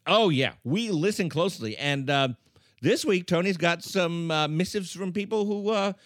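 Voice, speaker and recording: Bright-voiced male podcast co-host. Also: high voice, lively intonation, moderate pace, no room sound, studio quality. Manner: playful, drawls catchphrases. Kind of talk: casual comedic chat.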